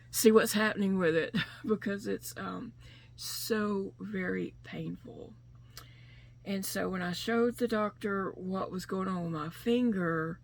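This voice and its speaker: A middle-aged woman talking casually to her camera, rambling with lots of fillers and restarts. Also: lowish voice. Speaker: vlogger.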